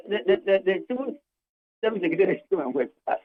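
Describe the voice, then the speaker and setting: An older Ghanaian man speaks as a union leader on a radio talk show, repeating himself for emphasis and slipping between English and Twi. His pitch swings widely as he presses his case. The sound is dull and lo-fi, like a narrow line. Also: lively intonation, fast.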